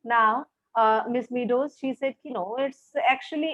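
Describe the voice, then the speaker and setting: A woman's voice: fairly high pitch, a little slow, a bit bright, no room sound. A woman teaching a literature lesson over a video call. She explains each passage step by step and keeps checking understanding with "all right". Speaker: English teacher. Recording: tinny phone-like call audio.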